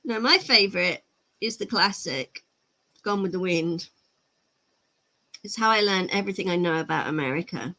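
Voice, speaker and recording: A woman with a lowish, expressive, sharp-toned voice talks at a normal speed and pauses often. She's hosting a casual miniature-painting livestream, responding to chat and laughing readily.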